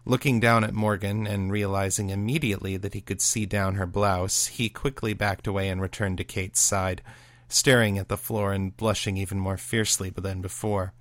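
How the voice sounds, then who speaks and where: Man narrating story, low voice, even, dry close recording. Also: normal speed, dry recording. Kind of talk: audiobook reading of a serial story.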